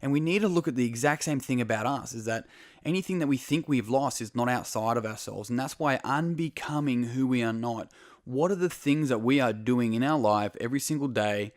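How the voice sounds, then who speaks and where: A man's voice: mid-range voice, no room sound, clean studio sound. Casual, swearing man giving a pep talk. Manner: earnest, speaks straight to the listener. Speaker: podcast host. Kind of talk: motivational monologue.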